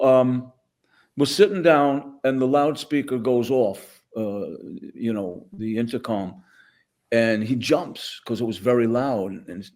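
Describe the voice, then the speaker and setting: A man, a guest on a podcast telling a story from his own life. He speaks at a middle pitch for a man. He acts out the lines of everyone in the story as he tells it. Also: a little mellow. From the Bronx, New York. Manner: vivid storyteller acting out dialogue. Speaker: guest, former teacher. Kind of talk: conversational storytelling.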